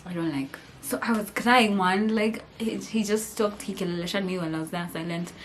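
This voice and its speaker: A young woman with a Kenyan accent telling a storytime vlog, animated and laughing as she mixes English with Swahili slang. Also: medium pitch, a little fast, a little hiss or hum. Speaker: vlogger.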